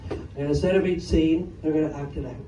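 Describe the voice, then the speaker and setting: A man's voice: a little high, steady tone, quick pace. Male stand-up comic, wry and rambling, recorded live from a distance in a roomy club with audience noise behind. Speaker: stand-up comedian. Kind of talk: stand-up set with crowd work. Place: comedy club stage. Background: audience laughter.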